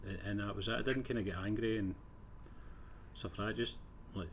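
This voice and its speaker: Blunt, low-voiced man swearing casually. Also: normal speed, a little hiss or hum. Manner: blunt, swears freely, says "kinda" often. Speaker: podcast co-host. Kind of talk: casual film review chat.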